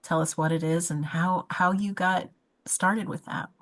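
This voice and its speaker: A woman's voice: on the low side, fairly even intonation, unhurried, low-quality recording. A woman hosting an interview show, talking in an effusive, chatty way with frequent restarts. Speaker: podcast host. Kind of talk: casual interview chat.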